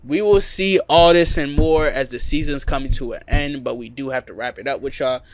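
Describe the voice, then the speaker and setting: A man's voice: mid-range voice, fairly quick, a little hiss or hum. A man co-hosting a casual sports podcast, making his case with emphatic repetition. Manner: emphatic, repeats points for emphasis. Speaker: podcast co-host.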